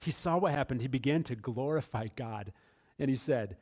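A man preaching a Good Friday sermon to his church, swinging between soft, hushed passages and emphatic, raised lines. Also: mid-range voice, moderate pace. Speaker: pastor.

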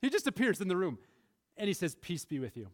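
Lively, high-voiced male preacher. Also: fast talker. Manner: animated, laughing often, acting out voices of figures. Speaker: pastor. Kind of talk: sermon. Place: church sanctuary.

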